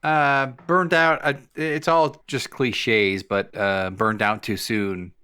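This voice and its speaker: Slow, halting podcast co-host man. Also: medium pitch, level tone, bright, forceful tone, smooth. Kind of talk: casual podcast chat.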